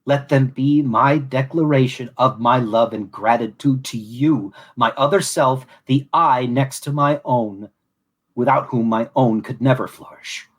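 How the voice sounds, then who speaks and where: A man reading a solemn, grandiose scripted monologue as a podcast host, deliberate and formal, then chatting casually. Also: medium pitch.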